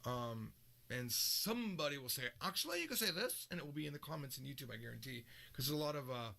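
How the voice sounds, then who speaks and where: A man teaching a recorded language lesson, explaining with lively, joking examples. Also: mid-range voice, quick pace, gravelly. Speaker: Japanese teacher.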